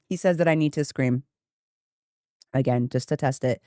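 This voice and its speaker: Woman streamer, casual chat, giggly, mellow and tired, studio mic, dry room. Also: low-pitched, moderate pace, no echo. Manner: chatty and giggly, often breaking into laughter. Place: home office. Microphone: new studio microphone.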